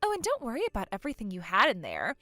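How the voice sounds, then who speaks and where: A woman's voice: medium pitch, wildly swooping pitch, rapid-fire, sharp tone, dry recording, studio quality. Woman putting on a bratty, gloating younger sister. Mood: taunting. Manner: gloating, taunting, giggly. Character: spoiled, vain, mocking younger sister, woman. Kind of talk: acted story dialogue.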